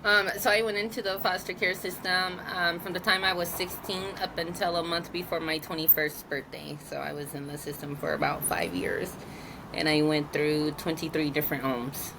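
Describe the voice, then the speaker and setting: Her voice is low-pitched and gravelly with a steady tone at normal speed, set against a noisy background. She's a guest in her thirties, frankly and openly sharing her own story with plenty of "like" fillers.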